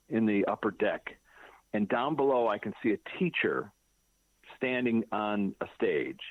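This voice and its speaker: A middle-aged man tells his story with a lively, swinging pitch, jumping into other people's voices and laughing as he goes. The sound is dry and narrow, as if coming down a telephone line. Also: no room sound. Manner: acts out quoted voices, laughs often. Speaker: guest author telling a personal story. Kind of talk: animated conversational storytelling.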